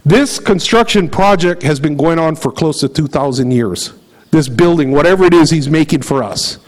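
A man's voice: on the high side, moderate pace, poor audio. Man preaching a conversational sermon. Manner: conversational preaching, reads scripture aloud, animated storytelling. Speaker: pastor.

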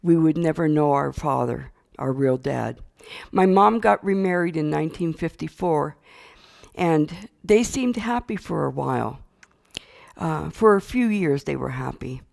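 An older woman telling a personal story from her childhood, earnest and unhurried, with small fillers. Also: low-pitched, lively intonation, creaky, darkish tone. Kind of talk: personal testimony.

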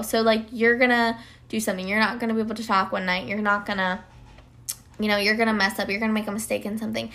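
Young female podcast host, relaxed solo chat, loose and filler-filled delivery, a touch high-pitched. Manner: rambling, many "like" fillers and restarts. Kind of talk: casual solo podcast talk.

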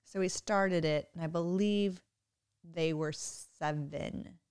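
A woman in her thirties, a mother chatting casually on a podcast, animated and often laughing. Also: fairly low pitch, slow pace, clear, resonant tone. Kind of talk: casual chat.

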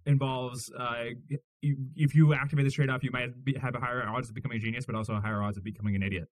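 Halting male podcast host. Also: mid-range voice, flat delivery. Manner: halting, repeats words and restarts while asking questions. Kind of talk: casual interview questions.

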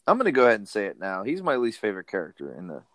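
A podcast co-host casually chats about a movie, speaking rapid-fire in a lowish voice whose pitch swoops wildly, with a fairly bright tone. He's opinionated and plain-spoken, and he comes armed with prepared facts. The recording is dry.

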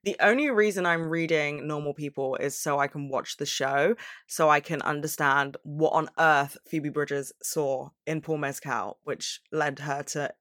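A woman's voice: low voice, fairly even intonation, unhurried, a bit bright, no echo, studio quality. A young woman vlogging in a casual, chatty way, swearing freely and gushing about what she loves. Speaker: book vlogger. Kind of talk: casual chat.

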